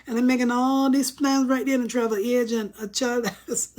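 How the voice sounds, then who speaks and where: A woman's voice: on the high side, fairly even intonation, fairly quick, a little mellow. A woman telling stories to her viewers in a casual, chatty way, laughing often. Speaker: vlogger. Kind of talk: casual storytelling to camera.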